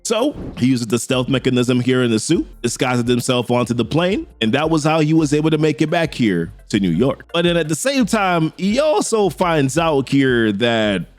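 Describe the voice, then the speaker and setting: A man's voice: medium pitch, very animated, normal speed, few pauses, no room sound, soft background music. A man recapping a comic book in a casual, enthusiastic, chatty way.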